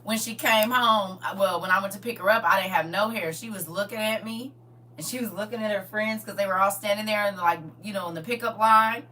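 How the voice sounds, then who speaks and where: A middle-aged woman hosting a livestream, telling family stories in a lively, laughing, colloquial way. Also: mid-range voice, a little fast. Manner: animated, laughing, colloquial storyteller who talks straight to viewers. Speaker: livestream host. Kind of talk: casual storytelling chat. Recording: distant mic with faint hum.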